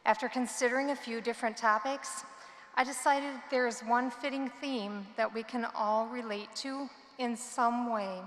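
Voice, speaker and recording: Woman, commencement speaker; slightly high, earnest and measured, big echoing hall. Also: fairly even intonation. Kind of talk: prepared commencement speech. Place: large hall. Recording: long hall reverb.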